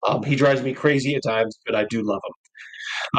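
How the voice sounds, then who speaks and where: A man's voice: mid-range voice, fairly even intonation, moderate pace, rough recording. A man hosting a live stream, telling rambling stories in a loose, tipsy chat and laughing often. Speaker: podcast host.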